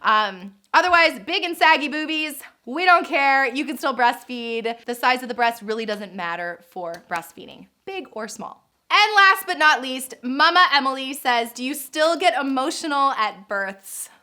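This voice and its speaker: A woman's voice: high-pitched, animated, moderate pace, sharp tone. A woman in her thirties, a birth coach and nurse, chatting through viewer questions in a casual vlog, gushing and laughing often.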